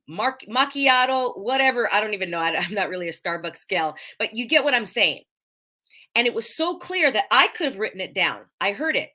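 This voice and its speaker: A woman hosts a casual live-stream monologue, her bright, forward voice leaping up and down in pitch as she tells a story. She repeats key points for emphasis, slips into the voices of the people she quotes, and keeps her diction careful and clear. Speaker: host of a live podcast show.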